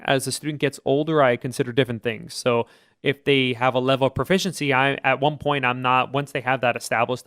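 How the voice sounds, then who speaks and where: A man's voice: mid-range voice, a bit bright, clear, resonant tone, dry recording, studio quality. A man, a choir teacher and podcast co-host, explaining vocal technique at length in casual chat with jargon and restarts.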